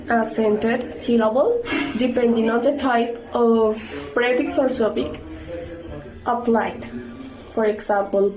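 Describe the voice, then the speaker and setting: A woman student presenting on word stress in class, halting with frequent fillers. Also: fairly high pitch, warm tone, reverberant, poor audio.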